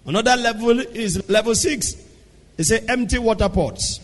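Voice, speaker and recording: A man preaching a sermon, swinging from soft asides to shouted lines. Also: extremely high pitch, normal speed. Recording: long hall reverb.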